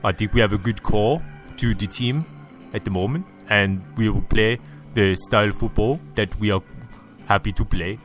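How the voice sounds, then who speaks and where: A man doing an impression of a calm, measured older football manager with a French accent. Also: on the low side, soft background music, lightly acted. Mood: mock serious.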